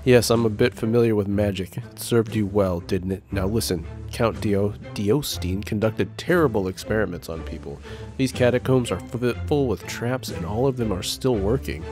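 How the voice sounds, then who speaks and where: A man reading the lines of a calm, knowing stranger in a game, in a measured way. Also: lowish voice, soft background music, natural voice. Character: mysterious male stranger spirit, calm and knowing.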